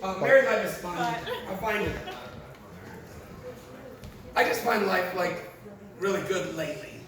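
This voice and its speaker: A man performing a stand-up comedy set, telling profane stories and acting out the quotes with lots of energy. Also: sits high. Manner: profane, animated storytelling with acted-out quotes. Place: live comedy venue. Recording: very echoey, distant, noisy live room.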